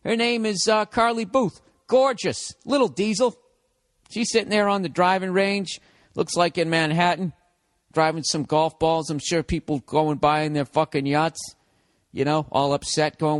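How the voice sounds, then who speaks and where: A man's voice: a little high, steady tone, normal speed, no room sound, studio quality. A man in his forties with a Boston accent, hosting a podcast and delivering a profane, sarcastic solo rant. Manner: profane, sarcastic ranting with frequent asides. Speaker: podcast host.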